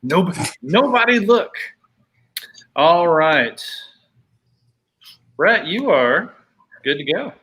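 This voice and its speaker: A man's voice: high voice, big pitch swings, slow pace, long pauses, a bit bright, husky. A man co-hosting a live podcast, playful and teasing. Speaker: podcast co-host.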